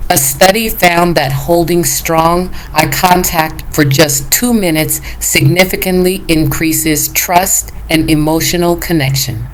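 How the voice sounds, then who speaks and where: Slow, low-voiced woman narrator. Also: a little hiss or hum, poor audio. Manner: slow, measured, list-like reading. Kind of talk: scripted narration.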